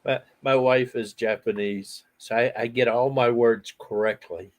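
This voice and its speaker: A middle-aged man hosting a casual outdoor chat, telling animated stories and laughing often. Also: medium pitch, a little slow. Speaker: host.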